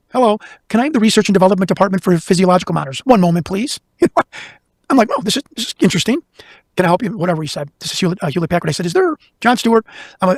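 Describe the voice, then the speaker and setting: A man from Chicago, a guest investigator, telling a long story in casual conversation, talking quickly with lots of restarts. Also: sits high, dry recording, clean studio sound. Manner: fast, animated, talks over himself with restarts.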